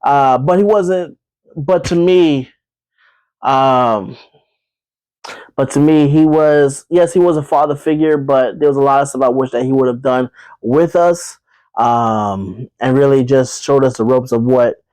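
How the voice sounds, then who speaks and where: A man's voice: medium pitch, unhurried, darkish tone, clean tone, no room sound, low-quality recording. A man hosting his own podcast, talking casually and straight to his listeners, with lots of fillers and repeated phrases. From Brooklyn, New York. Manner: chatty, addresses listeners as y'all, many fillers and repeats. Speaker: podcast host. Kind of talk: casual solo podcast monologue.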